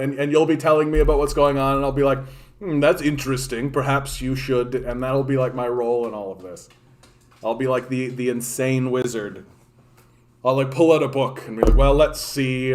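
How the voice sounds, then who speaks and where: A man's voice: medium pitch, fairly even intonation, fairly quick. A man giving casual, rambling political commentary on a livestream, swearing freely and filling his talk with "like" and restarts. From Canada. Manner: rambling, profane, many "like" fillers and restarts. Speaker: political streamer.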